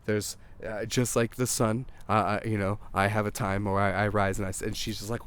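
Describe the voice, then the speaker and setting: A man, a songwriter guest, telling a rambling anecdote in a casual, animated way, swearing and acting out what people said. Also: fairly low pitch, a little fast, clean tone. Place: outdoors.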